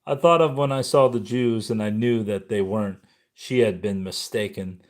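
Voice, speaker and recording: A man narrating a memoir audiobook in a somber, measured way. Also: fairly low pitch.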